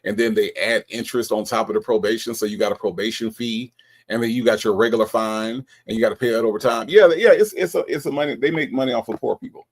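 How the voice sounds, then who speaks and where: A man hosting a livestream, commenting on call recordings in a confrontational, drawn-out manner. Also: mid-range voice, steady tone. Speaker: livestream host.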